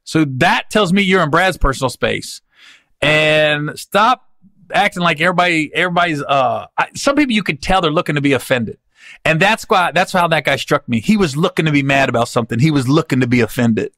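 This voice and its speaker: Man, podcast host, loose slangy storytelling, lively swooping pitch, bright voice, dry close sound. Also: a little fast, no echo. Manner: animated, slangy, rambling with restarts. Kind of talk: casual comic storytelling.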